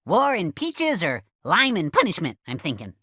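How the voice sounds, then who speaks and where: A woman voicing a bubbly, excitable cartoon sidekick who gushes enthusiastically. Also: on the low side, moderate pace, slightly rough, no room sound, clean studio sound, full character voice. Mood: excited. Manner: gushing, wildly bouncing delivery.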